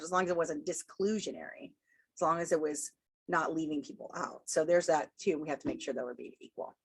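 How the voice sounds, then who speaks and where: A middle-aged woman giving a casual college lecture, chatty and quick to laugh, acting out quotes in playful voices. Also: low voice, husky. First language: English. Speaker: college instructor.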